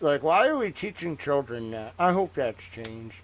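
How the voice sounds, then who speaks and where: A man's voice: fairly high pitch, sing-song, measured pace. A man hosting a livestream, chatting casually in a rambling, profane way with lots of fillers. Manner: rambling, profane, heavy use of "like". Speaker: livestream host.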